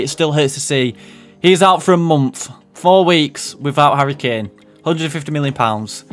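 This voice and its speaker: A young man commentating on a football video game he is playing, jumping between loud outbursts and low muttered asides. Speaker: gaming commentator.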